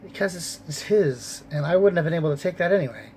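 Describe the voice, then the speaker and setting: A convenience store clerk telling a story to camera in a casual, profane, animated way. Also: male voice, fairly high pitch, fast talker, slight background noise.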